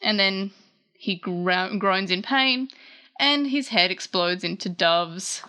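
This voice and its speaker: Chatty bright-voiced woman recapping a manga. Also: mid-range voice, takes it slowly, smooth. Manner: chatty, animated, self-correcting. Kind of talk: casual chapter recap.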